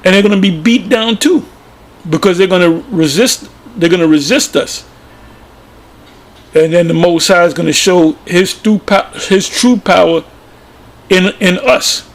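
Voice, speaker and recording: A man's voice: high-pitched, measured pace. A man giving informal religious commentary, plain-spoken and emphatic, often repeating himself. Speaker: preacher.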